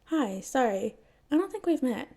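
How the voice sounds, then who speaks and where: A woman's voice: high-pitched, big pitch swings, moderate pace, dark tone, voice pushed up, full character voice. Woman voicing a cheerful playful country dad. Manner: friendly, teasing, theatrical.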